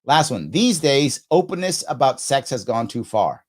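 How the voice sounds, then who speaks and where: A middle-aged man hosting a live stream, thinking out loud as he answers quiz questions, often stopping to rephrase himself with a laugh. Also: mid-range voice, very animated, moderate pace. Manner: musing aloud, frequent self-interruptions and laughs. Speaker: show host.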